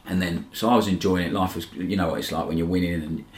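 Podcast guest: an ex-footballer, a man with a deep, quick, anecdotal delivery; echoey room. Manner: lively anecdotal storytelling, says "mate" often. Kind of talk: casual chat.

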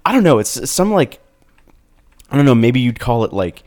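A man's voice: mid-range voice, very animated, normal speed, darkish tone. A man chatting casually about movies as a podcast co-host, rambling with lots of fillers. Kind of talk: casual film chat.

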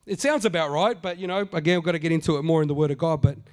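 A man's voice: a little high, racing, a little mellow. A middle-aged man preaching a conversational sermon, repeating phrases for emphasis and acting out the quotes he tells. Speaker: pastor.

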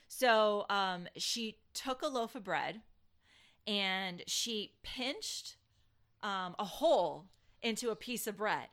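A woman telling a family story in casual chat, animated with hesitant restarts and hushed dramatic moments. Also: mid-range voice.

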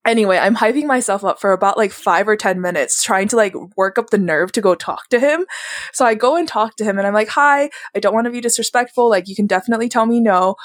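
A woman's voice: medium pitch, fast, no echo, clean studio sound. A young woman on a podcast, telling a story in a giggly, self-deprecating, rambling way with many fillers. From Tongan heritage. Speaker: podcast co-host. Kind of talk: casual storytelling chat.

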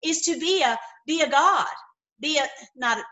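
A woman giving an informal, impassioned sermon, swinging between loud outbursts and low murmurs, with many repeated words. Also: expressive, moderate pace. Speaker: preacher.

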